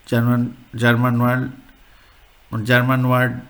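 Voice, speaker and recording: A man teaching a beginner language lesson, explaining sounds in a halting way and repeating words. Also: mid-range voice, fairly even intonation, creaky.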